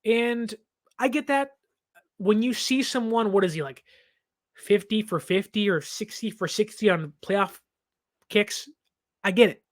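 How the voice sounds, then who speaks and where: A man's voice: sits high, measured pace, long pauses. A man in his twenties hosting a sports reaction show, talking in an emphatic, impassioned way and laughing now and then. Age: 20s.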